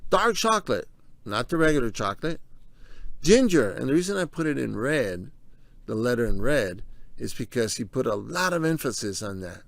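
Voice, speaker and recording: A man's voice: mid-range voice, very animated, normal speed, creaky, no echo. A man giving a casual explainer talk, speaking conversationally, repeating his key points and talking viewers through slides. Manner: walks through on-screen slides. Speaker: presenter of a health video.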